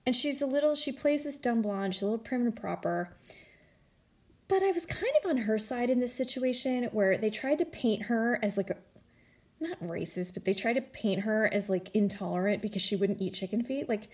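Woman, casual recap host, animated gossipy storyteller with mock voices. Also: fairly high pitch, normal speed. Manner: animated storytelling, acts out quotes in exaggerated voices; chatty, heavy use of "like" and "you know". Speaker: reality TV recapper. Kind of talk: casual chat.

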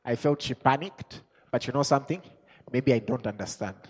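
A man preaching a sermon as an apostle, chuckling and asking himself questions as he builds from quiet musing to shouted exhortation. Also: mid-range voice, normal speed, husky. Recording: long hall reverb.

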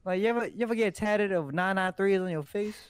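A high-voiced young man trades profane jokes with his friends on a podcast. His voice sits close and dry, with no room sound. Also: fast, clear, resonant tone, dry recording. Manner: joking, profane, teasing. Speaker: podcast co-host. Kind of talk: casual banter.

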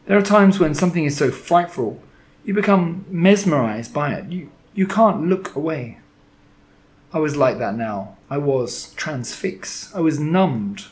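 A man narrating a children's story, with a dramatic, expressive delivery. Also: on the high side, unhurried. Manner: dramatic, expressive reading with shifting loudness.

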